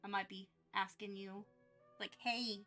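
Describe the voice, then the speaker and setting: A young woman chatting casually on her art livestream, excitable and rambling with lots of fillers as she gushes thanks. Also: mid-range voice, measured pace, faint music behind. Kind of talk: casual live-stream chat.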